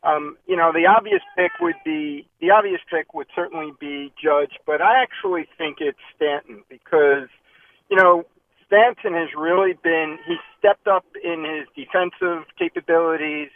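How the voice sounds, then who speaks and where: A man's voice: a little high, moderate pace. Hesitant male caller on the phone. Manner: hesitant, with many ums. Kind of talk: calling in to a sports show. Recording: tinny phone line.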